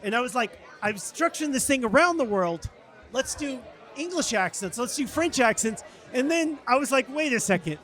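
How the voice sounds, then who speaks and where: Podcast host dude, really high voice, just rambling along. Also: male voice, lively intonation, moderate pace, a bit bright. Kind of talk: casual podcast chat.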